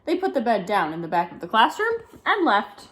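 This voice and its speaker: A woman reading a children's picture book aloud, with lively delivery and chatty asides about the pictures. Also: a little high, a little fast. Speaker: storybook reader.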